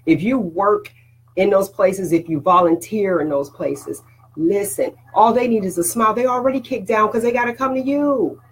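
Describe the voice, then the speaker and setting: A woman's voice: mid-range voice, normal speed, slightly rough, low-quality recording. A woman hosting a casual motivational talk to her viewers, preachy and conversational, often checking in with "all right?". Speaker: host.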